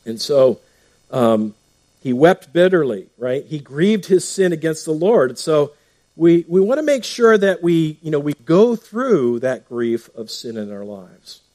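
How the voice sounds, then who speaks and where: Man as pastor: relaxed Bible teacher, fairly high-pitched voice, chatty delivery with frequent fillers and restarts. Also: measured pace. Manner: conversational, often adds "right?", many fillers and restarts.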